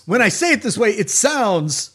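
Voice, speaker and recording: A man putting on a loud, high-pitched, rambling old barge captain with salesman patter, impression of a public figure, tabletop game voice. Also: big pitch swings, normal speed, slightly rough, heavily acted. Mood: wheedling. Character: boastful older male river barge captain.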